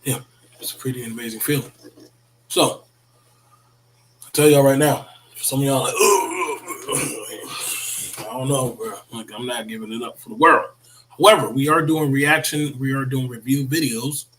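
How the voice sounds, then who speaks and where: A man chatting casually to his viewers as a reaction video host, rambling and repeating words, his voice worn from yelling. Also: mid-range voice, normal speed, long pauses, low-quality recording. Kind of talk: casual morning livestream chat.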